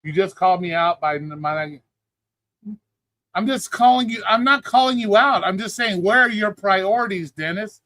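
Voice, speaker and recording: A man hosting a live stream pushes his point in a blunt, cursing, lecturing way. His voice sits high and bright. The sound is dry and close, with no room around it. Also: normal speed, no room sound. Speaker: streaming show host. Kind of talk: heated livestream argument.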